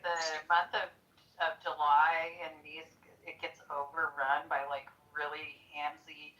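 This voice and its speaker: A woman's voice: low-pitched, flat delivery, measured pace, pushed and bright, poor audio. A woman in her forties chatting casually in an online audio room, rambling with lots of fillers. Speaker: chat room participant. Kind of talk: casual chat.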